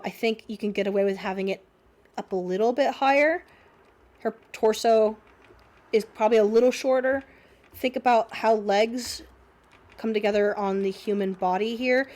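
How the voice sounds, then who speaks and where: A woman's voice: medium pitch, a little mellow. A young woman with a slight cold giving an unscripted drawing lesson, thinking aloud with many fillers. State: sniffly cold. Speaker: art teacher.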